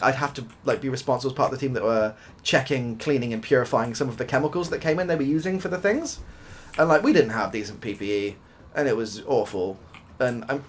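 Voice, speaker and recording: A young British man who streams ASMR gaming chats casually while playing, rambling through a story and swearing from time to time. His voice sits in the mid range. The audio has a little hiss or hum, and the talk is soft-spoken.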